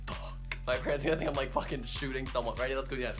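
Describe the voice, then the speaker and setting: A man hosting a casual unboxing vlog, talking in a hyper, excitable way and swearing constantly. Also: medium pitch, racing. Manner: hyper, excitable and heavily profane. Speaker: vlogger. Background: music.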